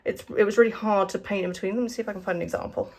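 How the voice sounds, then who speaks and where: A woman's voice: mid-range voice, steady tone, racing, darkish tone. A young woman vlogging at home, chatting casually in a rambling, self-deprecating way. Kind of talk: casual vlog chat. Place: home, indoors.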